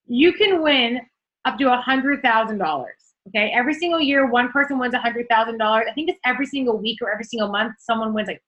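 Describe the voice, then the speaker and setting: A young adult woman fitness coach giving an energetic, chatty motivational talk on a group call, swearing casually. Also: on the high side, dull audio.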